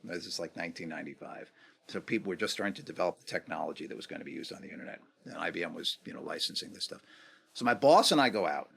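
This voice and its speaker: A man in his fifties, a guest on a podcast interview, talking reflectively and acting out quoted dialogue with lively swings in pitch. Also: very fast, vocal fry. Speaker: guest, negotiation executive.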